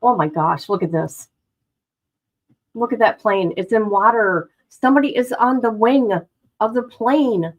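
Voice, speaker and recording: A woman's voice: a little high, measured pace, lo-fi sound. A woman hosting a casual livestream, dramatic and exclamatory, talking to herself and her chat. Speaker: livestream host. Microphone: no headphones, device mic.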